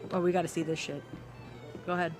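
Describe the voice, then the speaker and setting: A young woman streaming a video game who comments in an excitable, chatty way and talks to her chat. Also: on the low side, fast, over music. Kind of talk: casual live-stream commentary.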